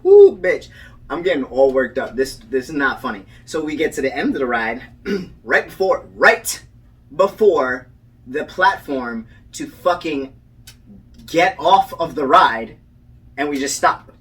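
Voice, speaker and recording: A man's voice: medium pitch, a little slow, far from the mic, low-quality recording. A young man co-hosting a casual podcast chat, telling stories with lots of swearing and laughter. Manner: animated storyteller, swears freely, laughs often. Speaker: podcast co-host.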